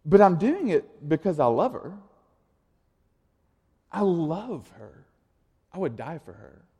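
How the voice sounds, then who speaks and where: A man with a husky, higher-leaning voice delivers a slow sermon as a pastor in a church sanctuary. His style is casual and conversational, swinging from quiet asides to animated storytelling, with the long reverb of a large hall.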